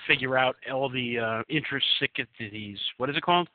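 A man's voice: mid-range voice, quick pace, no room sound. A man hosting a casual live call-in podcast, rambling and hesitant with many restarts. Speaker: podcast host. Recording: tinny phone-line call-in audio.

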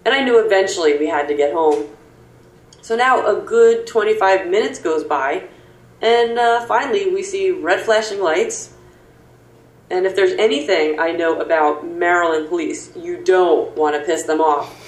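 A woman telling a funny personal anecdote in an animated, playful way, with a roomy recording sound. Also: moderate pace. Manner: animated, playful, jumps high for quoted voices. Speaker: storyteller.

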